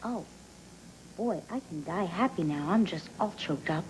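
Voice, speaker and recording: A woman's voice: on the low side, animated, unhurried, slight background noise, rough recording. An actress playing a bitter, sarcastic young woman who mocks and confronts her father in a daytime soap. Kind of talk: 1990s daytime soap acting.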